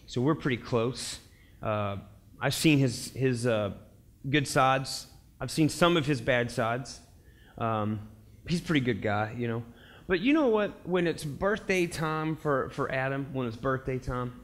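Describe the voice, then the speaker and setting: Bright-voiced young man preaching casually. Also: medium pitch. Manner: animated storytelling, acts out quotes, laughs often. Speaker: pastor. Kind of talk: casual conversational sermon. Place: church sanctuary.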